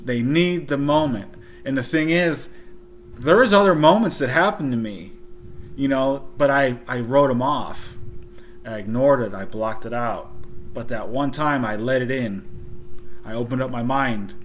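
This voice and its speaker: A man's voice: medium pitch, a little slow, a little hiss or hum. A man talking as a podcast guest, blunt and emphatic, swearing freely as he tells his story. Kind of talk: candid conversational storytelling.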